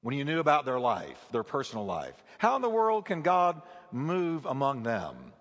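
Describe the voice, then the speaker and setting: In a hall with long reverb, a male pastor tells a story during his sermon with lively, animated delivery, voicing the different people in it. He speaks at a moderate pace in a mid-range voice.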